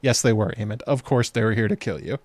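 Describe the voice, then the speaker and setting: A man's voice: on the low side, fast, darkish tone, no echo. A man hosting a TV episode breakdown in casual commentary, chatty and sarcastic, laughing at the scenes. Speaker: host of a TV episode breakdown channel.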